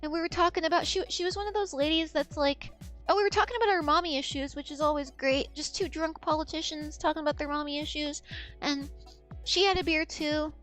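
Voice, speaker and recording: A woman's voice: high-pitched, fairly quick, fairly bright tone, soft background music. A woman in her twenties chatting casually as a streamer, rambling, losing her thread and swearing freely. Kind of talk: casual chat.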